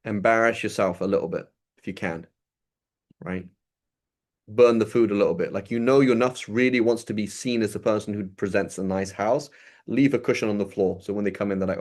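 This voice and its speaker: A man's voice: on the low side, moderate pace, long pauses, a little mellow. A man teaching an informal sermon, conversational and loose, often checking in with "right?". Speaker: religious teacher.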